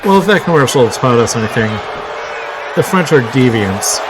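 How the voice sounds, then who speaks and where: A man doing live play-by-play commentary on a wrestling show, excitable, with frequent exclamations and wry asides. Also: medium pitch, moderate pace. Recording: clear crowd noise and background noise.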